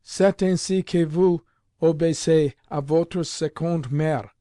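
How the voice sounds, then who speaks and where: A man's voice: a little high, steady tone, unhurried, dark tone, dry recording, clean studio sound, voice pushed up, close to an everyday voice. Cold severe French tutor, read by a man. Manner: clipped, formal French phrasing.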